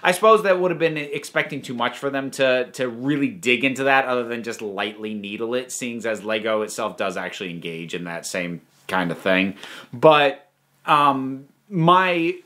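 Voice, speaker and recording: A man giving a casual spoken movie review, animated, with many restarts and asides. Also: medium pitch.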